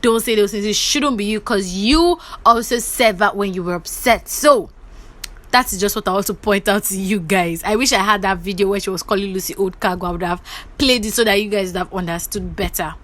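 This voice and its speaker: A young Nigerian woman with a Nigerian English accent, recapping reality-show gossip for her vlog in a lively, chatty way. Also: mid-range voice, brisk. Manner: lively, acts out the quotes, chatty asides. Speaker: gossip vlogger.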